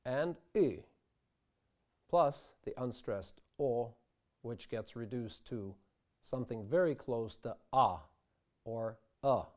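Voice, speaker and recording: A man giving a scripted lesson on singing diction, with a measured delivery that pauses to demonstrate the pronunciation of individual words. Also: medium pitch, darkish tone. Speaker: diction instructor. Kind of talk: scripted instructional narration.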